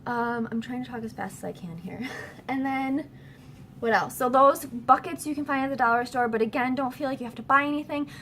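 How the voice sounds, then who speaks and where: Chatty high-voiced woman, hurried tips. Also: a bit bright, slight background noise. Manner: chatty, hurried, with fillers and restarts. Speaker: direct-sales consultant. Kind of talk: casual how-to video.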